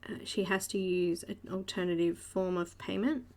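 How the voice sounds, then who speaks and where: Gravelly Australian woman teaching coloring. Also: fairly low pitch, steady tone, normal speed, a little mellow. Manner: chatty, narrates each step and greets viewers by name. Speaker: host of a live coloring stream. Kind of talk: live art tutorial narration.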